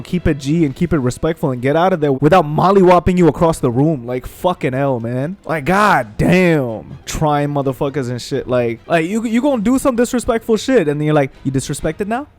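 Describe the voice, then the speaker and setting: A young man with a slightly high voice rants through his gameplay commentary, swearing freely and getting worked up. His delivery is loose and animated. Faint game music plays underneath. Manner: profane, animated ranting with mocking voices. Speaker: gaming streamer. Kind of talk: casual gameplay commentary rant.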